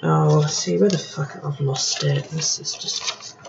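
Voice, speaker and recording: A woman's voice: deep voice, fairly even intonation, slow pace, gravelly. A tipsy woman chatting casually as she works on her journal, swearing and laughing often. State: tipsy, drinking. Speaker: bullet journal vlogger. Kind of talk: casual chat while crafting. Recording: dull lo-fi sound, faint background noise.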